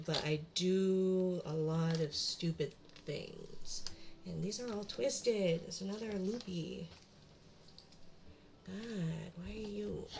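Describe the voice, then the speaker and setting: Young woman, live-stream host, rambling, self-mocking, talking to herself at home desk, clear background noise. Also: lowish voice. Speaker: livestream host. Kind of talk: casual live-stream chat while setting up. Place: home room at her desk.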